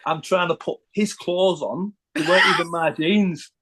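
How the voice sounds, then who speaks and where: A man's voice: on the high side, normal speed, fairly bright tone, slightly rough, low-quality recording. A middle-aged man with a Northern English accent telling a rambling, sweary story as a podcast guest. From Northern England. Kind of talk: casual anecdote telling.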